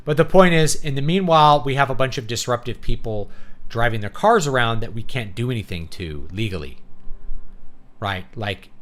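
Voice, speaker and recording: A man talks through his opinions in a loose, unscripted monologue as a show's host. His pitch swings widely from phrase to phrase, and he keeps tagging his points with a quick "right?". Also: a bit bright. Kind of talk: casual commentary monologue.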